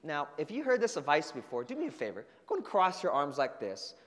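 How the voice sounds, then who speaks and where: A man giving an energetic motivational talk to a student leadership conference, telling stories and acting out the voices. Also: a little high, a little fast. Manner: energetic storytelling with acted-out voices. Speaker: keynote speaker. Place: large conference hall. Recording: long hall reverb.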